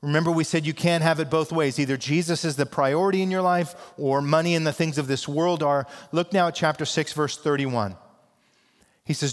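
A man's voice: a little high, a little fast, big-room sound. A man pastor preaching a sermon in a conversational, emphatic way with casual asides.

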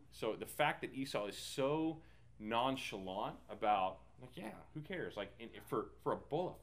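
A man leading a Bible study in a casual, talkative way, with many fillers and restarts. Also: mid-range voice. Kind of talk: casual teaching.

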